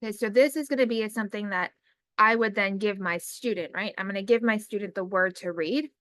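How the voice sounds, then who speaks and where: A woman who works in special education, giving a casual screen-recorded demo lesson and reading her typed prompts aloud slowly. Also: mid-range voice, fairly bright tone, dry recording. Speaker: special education teacher trainer.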